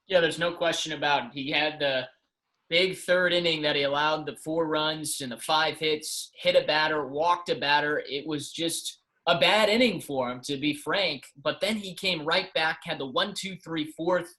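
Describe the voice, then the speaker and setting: A man's voice: fairly high pitch, moderate pace, bright, forceful tone, rough recording. A man giving conversational, analytical baseball color commentary.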